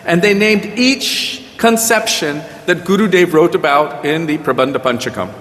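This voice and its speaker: A man's voice: on the high side, normal speed, hardly any pauses, a bit bright. A man teaching a group at a devotional gathering, telling stories and quoting his guru with emphatic rises. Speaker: spiritual teacher. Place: Vrindavan. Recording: livestream with long hall reverb.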